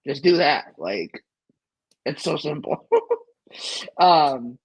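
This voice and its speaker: A man's voice: on the high side, big pitch swings, slow, gravelly, husky, poor audio. A man hosting a casual tech livestream who talks animatedly, laughs often and trails off into restarts. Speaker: livestream host.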